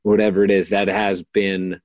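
A man's voice: sits low, level tone, normal speed, no room sound, highs cut off. An American man from Kansas, a podcast guest, talking casually and effusively with lots of filler words. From Kansas, United States. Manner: chatty and effusive, full of "like" and "oh my God". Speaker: podcast guest, class facilitator. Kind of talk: casual conversational interview.

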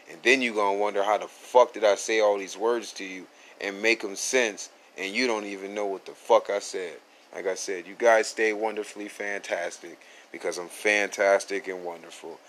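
A man's voice: low-pitched, a bit bright, a little hiss or hum. A man hosting his own podcast, telling a story from work in a boastful, streetwise, profane manner. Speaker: podcast host. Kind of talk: casual storytelling. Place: outdoors at a fair, at work. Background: faint outdoor ambience, people walking by.

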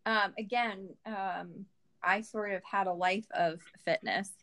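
A woman's voice: mid-range voice, fairly even intonation, slow, background noise. A woman guest in a casual podcast interview, telling personal stories in a candid, reflective way.

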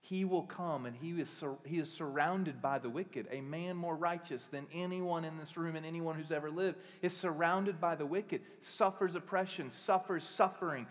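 A man delivering a sermon in a church sanctuary, his somewhat high voice carrying a long reverb from the large hall. He moves between soft, reflective stretches and loud, impassioned peaks. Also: normal speed, few pauses. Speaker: pastor.

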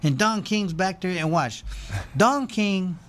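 A man telling a winding story with a lively voice that jumps high and drops low as he acts out the people in it. He sits as a guest and talks in an easy, rambling way. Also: slow pace. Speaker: former boxer, guest. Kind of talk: casual storytelling interview.

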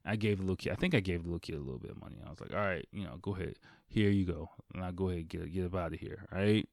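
Guy w a lowish voice swearing his way thru a story, dry close sound. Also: racing, creaky, no echo. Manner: profane, animated anecdote with acted-out quotes. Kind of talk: casual storytelling.

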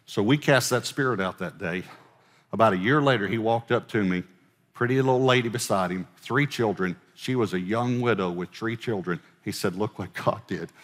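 Preaching pastor in a reverberant church. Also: male voice, on the low side, a bit bright. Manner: emphatic preaching, asks the congregation questions, slows on scripture. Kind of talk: sermon. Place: church auditorium. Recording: long hall reverb.

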